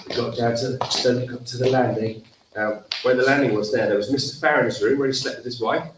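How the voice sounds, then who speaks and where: A man's voice: medium pitch, fairly quick. A man leading an interactive storytelling workshop for children, acting out the story and calling for responses. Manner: animated, leads actions and call-and-response. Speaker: theatre workshop leader. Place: school hall. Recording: echoey hall, distant mic, faint noise.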